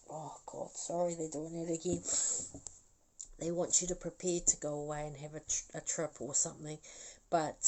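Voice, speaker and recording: A woman giving a live psychic reading, talking slowly in a mellow, relaxed voice. She rambles chattily, breaks into laughter and apologizes as she goes. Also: on the low side, poor audio. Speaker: psychic medium.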